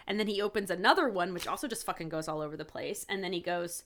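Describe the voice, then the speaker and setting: A woman's voice: lowish voice, quick pace. A woman co-hosting a podcast, casually retelling a TV episode with lots of "like" and acted-out quotes. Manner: animated retelling, many "like"s, acting out quoted lines. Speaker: podcast co-host. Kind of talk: casual chat recapping a TV episode.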